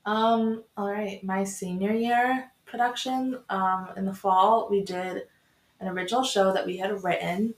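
A woman's voice: medium pitch, steady tone, unhurried. A young woman hosting a podcast, chatting casually in a bubbly, giggly way with plenty of fillers. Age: young adult. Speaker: podcast host. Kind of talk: casual chat. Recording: roomy echo.

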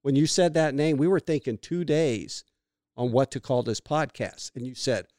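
A middle-aged man co-hosting a podcast, telling stories in a lively way and laughing often. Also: medium pitch, moderate pace, no echo, clean studio sound. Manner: animated storyteller who laughs often. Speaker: podcast co-host. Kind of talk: casual chat.

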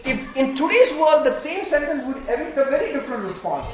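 A woman preaching a sermon, animated and full of rhetorical questions, laughing between phrases. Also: high-pitched, fairly quick, slight background noise. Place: church hall. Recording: echoey room.

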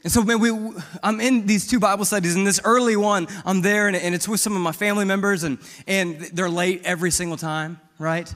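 A man preaching in a church, his voice a touch higher than most men's and carried by a long hall reverb. He tells his testimony boldly and plainly, like a conversation with the congregation. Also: fairly even intonation, fairly quick, few pauses, a bit bright. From Missouri. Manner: bold, conversational storytelling. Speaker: pastor. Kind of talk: sermon with personal testimony.

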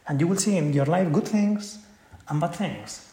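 A man's voice: a little high, normal speed, dark tone. A man giving a conversational spiritual talk, earnest, often checking in with his listeners. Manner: earnest, tags points with "right?". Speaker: spiritual speaker. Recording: echoey room.

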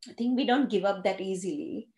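A woman, a Gujarati speaker who tells her life story haltingly, with many fillers and restarts. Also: medium pitch, a little mellow. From India (Gujarat). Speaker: interviewee. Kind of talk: personal storytelling. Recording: roomy echo.

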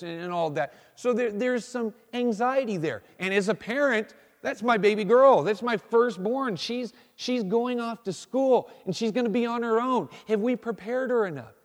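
Higher-voiced folksy pastor in a reverberant hall. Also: male voice, normal speed. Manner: folksy, self-deprecating, frequent restarts. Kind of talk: casual sermon. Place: church sanctuary.

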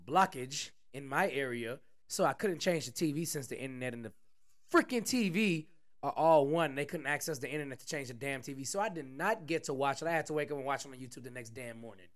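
A man co-hosts a relaxed sports podcast, his voice sitting a little high. He teases his partner, laughs easily and swears in passing. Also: a little fast. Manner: laughing, teasing, swears casually. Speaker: podcast co-host. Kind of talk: casual podcast chat.

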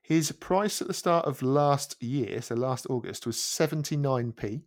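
Male podcast guest, mid-pitched voice, measured delivery, stumbles and repeats words. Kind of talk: casual chat.

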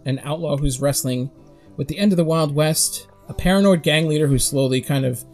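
A man co-hosting a podcast, chatting casually and telling stories in a rambling, animated way with quick acted-out quotes. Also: fairly high pitch, soft background music. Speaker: podcast co-host. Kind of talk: casual chat.

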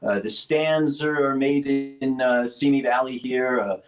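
Man, mid-pitch founder type, loose rambling technical explainer. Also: measured pace, over music, rough recording. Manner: rambling, restarts often, explains technical detail. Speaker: speaker company founder. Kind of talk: casual interview talk.

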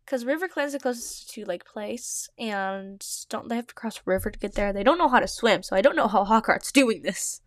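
A woman's voice: medium pitch, fairly quick, hardly any pauses, no echo, clean studio sound. A young woman reading her old fan story aloud with giggly, self-mocking asides. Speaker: podcast host reading her own old writing.

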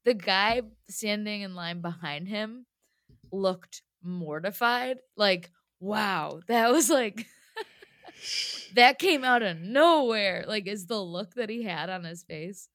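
A woman's voice: mid-range voice, takes it slowly, no room sound, studio quality. A woman telling a personal story in a casual chat, with lots of "like" fillers. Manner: chatty, lots of "like", animated retelling.

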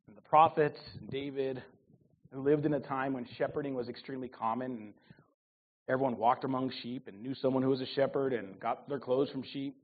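A man in his forties preaching a sermon with humor, his voice swinging between loud and soft. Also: a little high. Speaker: pastor. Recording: tinny phone-like sound.

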